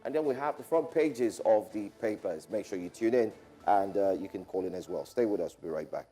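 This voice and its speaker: A man's voice: on the low side, expressive, fairly quick, music in the background. A man hosting a morning TV news show, reading headlines with casual asides to viewers. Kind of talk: TV news presenting.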